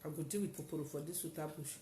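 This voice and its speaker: A woman with a Nigerian Pidgin accent tells a personal story dramatically, acting out the shouts of the people in it. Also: sits low, racing. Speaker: testifier. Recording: roomy echo, faint noise.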